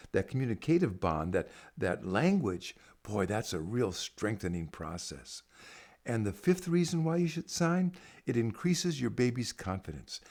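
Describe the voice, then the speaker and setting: A man's voice: medium pitch, a little mellow. A man, an educator on baby sign language, explaining to camera in an earnest, enthusiastic way.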